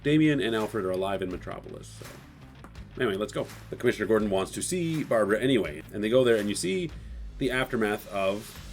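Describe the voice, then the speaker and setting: A man with a somewhat low voice talks through a comic book story in a loose, chatty way. He keeps slipping in the characters' lines as he retells the scenes. Soft music plays faintly underneath. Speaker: comic book recap host. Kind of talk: casual comic book recap.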